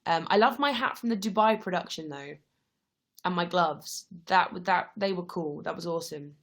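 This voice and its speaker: Tired and yawning, a young livestream host chats warmly with her audience as she responds to their questions. She speaks at a normal speed with a fairly low pitch.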